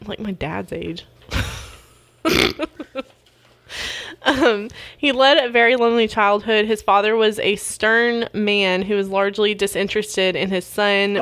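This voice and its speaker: A woman's voice: medium pitch, fairly bright tone. Podcast co-host, woman, mid-range voice, giggly and profane, telling a true crime story. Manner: giggly, profane, easily amused. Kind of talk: casual chat, telling a true crime case.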